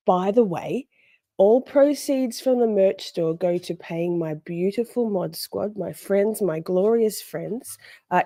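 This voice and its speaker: A woman's voice: mid-range voice, mellow, no room sound. A woman hosting a casual livestream, rambling chattily and greeting viewers by name. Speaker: livestream host.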